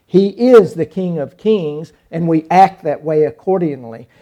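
A middle-aged man preaching a sermon, dramatic, swinging from hushed lines to sudden loud cries as he acts out scenes. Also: on the high side, animated, unhurried, highs cut off.

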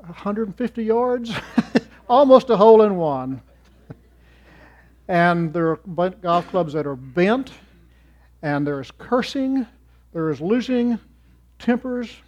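Man preaching with loud-soft swings. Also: a little high. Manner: swings from loud emphatic rises to soft trailing drops. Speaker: church speaker. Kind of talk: sermon. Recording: muffled lo-fi recording.

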